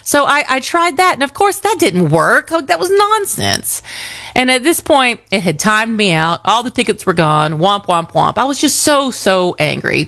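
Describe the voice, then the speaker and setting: A woman co-hosting a casual chat, telling a story with lively energy and acting out the lines of the people in it. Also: a little high, normal speed, no room sound, studio quality. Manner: animated storyteller, acts out quoted dialogue. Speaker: co-host.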